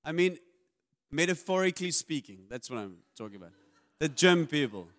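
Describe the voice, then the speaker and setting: A man's voice: on the high side, big pitch swings, normal speed. A man, preaching a sermon as a pastor in a candid, confessional way with self-deprecating humor.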